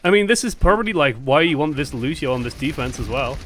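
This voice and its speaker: Bright-voiced man breaking down a match. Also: fairly high pitch, fast, slight background noise. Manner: chatty, swears freely, animated asides. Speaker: esports analyst. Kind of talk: casual match breakdown commentary.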